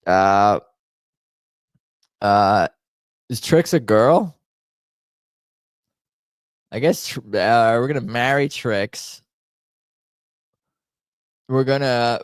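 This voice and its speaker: A man's voice: lowish voice, no echo. A man hosting a casual live stream, chatting and rambling with many fillers and restarts. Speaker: stream host. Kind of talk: casual stream chat reacting to memes. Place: home.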